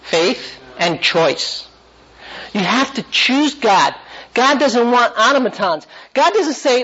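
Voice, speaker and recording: A man's voice: high voice, animated, a little slow, pushed and bright, husky, lo-fi sound. A man teaching a Bible class, asking the class questions and driving his points home with energy.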